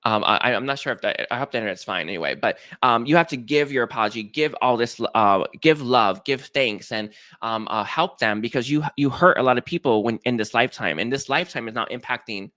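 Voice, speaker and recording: A man's voice: mid-range voice, pushed and bright, no room sound. A man giving a live-streamed psychic reading, talking with many fillers and restarts. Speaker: psychic reader.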